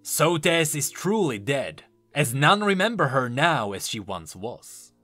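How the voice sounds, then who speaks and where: A man narrating a spirit that speaks through an actor as a gloating vulture, with slow, measured delivery. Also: mid-range voice, sing-song, sharp tone, soft background music, heavily acted.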